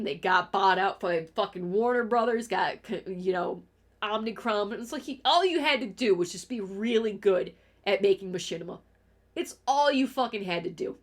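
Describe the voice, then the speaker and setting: A woman streamer rants in casual commentary, profane and exasperated. Her voice sits somewhat high, and she piles complaint on complaint with restarts and heated bursts.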